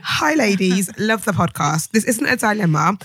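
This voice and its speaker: A young woman, co-hosting a podcast, outspoken and animated, reading listener letters aloud. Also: medium pitch, moderate pace, slight background noise. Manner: outspoken, animated, swears freely. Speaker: podcast co-host.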